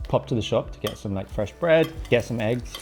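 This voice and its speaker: A man casually narrating a day-in-the-life vlog in a relaxed, chatty way, often saying "like". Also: mid-range voice, normal speed, soft background music. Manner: laid-back, chatty, says "like" often. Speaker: designer vlogging his day. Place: around his home city, home, café and office.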